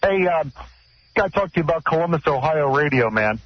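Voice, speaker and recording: A man calling in to a radio show, excited and rambling as he tells his story. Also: fairly high pitch, a little fast. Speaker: caller. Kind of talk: phone-in chat. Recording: dull lo-fi radio audio.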